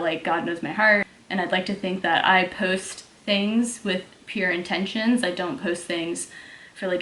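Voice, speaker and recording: A woman's voice: on the low side, fairly bright tone, echoey room, slight background noise. A young woman from Texas with a mild Texas accent, chatting casually as she answers viewer questions, with lots of "like" fillers. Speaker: fitness vlogger. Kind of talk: casual Q&A vlog.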